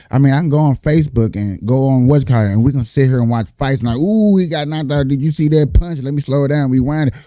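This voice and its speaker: A man's voice: mid-range voice, dark tone, no room sound, clean studio sound. A man arguing hard in a casual panel debate, profane and emphatic, repeating his points. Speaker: panelist, Trump supporter.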